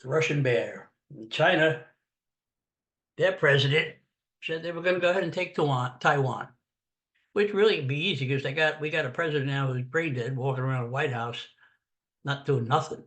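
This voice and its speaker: A man's voice: a little high, normal speed, fairly bright tone. Blunt older man ranting sarcastically. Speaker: political commentator. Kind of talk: casual political rant.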